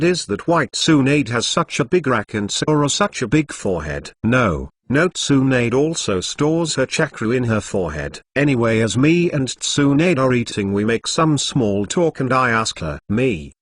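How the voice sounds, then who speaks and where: A man's voice: medium pitch, a bit bright, no echo. A man narrating a story in a matter-of-fact way, reading the punctuation aloud. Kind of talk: scripted narration of fan fiction.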